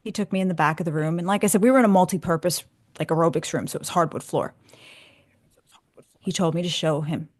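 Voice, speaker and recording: Low-voiced woman telling a lively story. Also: fast, long pauses. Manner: animated, acts out dialogue. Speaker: author, radio guest. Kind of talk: casual storytelling. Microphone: studio microphone.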